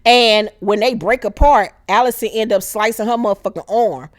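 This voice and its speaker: Animated woman recapping a TV show. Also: on the high side, moderate pace, dry recording, clean studio sound. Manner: animated, acts out characters in exaggerated voices. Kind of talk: casual profane TV recap.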